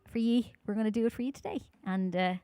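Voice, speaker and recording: A woman from Ireland with a Dublin accent, chatting quickly and informally with her audience between songs at a live-streamed concert. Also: on the high side, dark tone, smooth, no echo. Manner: talks fast, chatty and informal, with many fillers.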